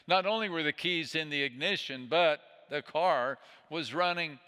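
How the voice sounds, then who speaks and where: A man preaching slowly and deliberately, giving each phrase room to settle. His voice has a bright, forward tone that carries clearly. He speaks gently and soothingly, often dropping low and soft, and a long hall reverb trails after his words. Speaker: pastor. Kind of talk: sermon.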